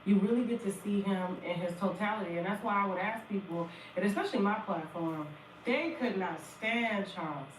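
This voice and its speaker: A woman's voice: mid-range voice, a little fast. A woman hosting a podcast interview who talks hesitantly and uses many fillers. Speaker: podcast host. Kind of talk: interview talk. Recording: echoey, distant, faint noise.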